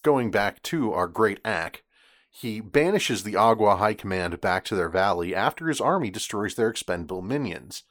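A man co-hosting a casual podcast, sharing background trivia in a relaxed way. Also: lowish voice, normal speed. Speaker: podcast co-host.

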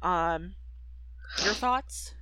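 A woman's voice: fairly low pitch, drawn-out words, sharp tone, dry recording, poor audio. A woman co-hosting a podcast, casually retelling a film plot with lots of fillers. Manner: chatty, lots of fillers and voices. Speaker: podcast co-host. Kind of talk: casual movie recap.

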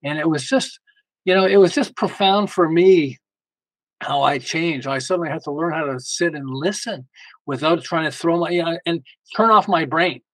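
Sharing casual family stories as a podcast guest, an older man speaks in a slightly high voice at a moderate pace. He's animated, performing snippets of family dialogue with frequent chuckles. The recording is dry and low in quality.

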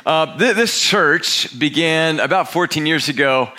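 A man's voice: a little high, expressive, unhurried, bright, forceful tone. A man in his sixties, a pastor giving a candid, conversational sermon with frequent restarts. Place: church sanctuary.

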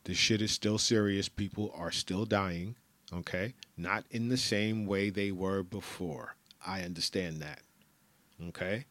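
A man's voice: low voice, a little slow, a bit bright, no room sound. A man hosting a solo podcast, ranting bluntly and profanely with lots of repetition. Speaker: podcast host.

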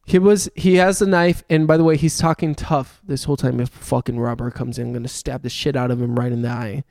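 Animated young man telling a story. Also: mid-range voice, fast talker, creaky, no room sound. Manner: animated storytelling, swearing, laughing. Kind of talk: casual podcast chat.

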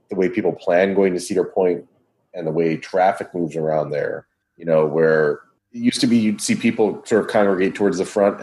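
A man with a fairly low voice hosts a laid-back podcast conversation. He talks at length in an easy, chatty way and turns to his guests with questions. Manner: relaxed, chatty, asks the others questions. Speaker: podcast host. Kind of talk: casual chat.

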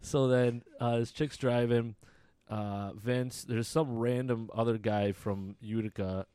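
A man's voice: medium pitch, fairly even intonation, takes it slowly, warm tone, clean tone, no echo. A young man telling a long story in casual chat, rambling, laughing often and swearing casually.

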